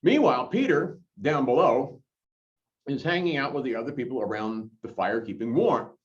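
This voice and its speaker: A man who is an interim pastor leads a Bible study in a church chapel, talking in a lively, conversational way with frequent fillers. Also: medium pitch, moderate pace. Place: church chapel, in front of a live group. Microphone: corded mic, worn while moving about. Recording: distant, dull lo-fi sound.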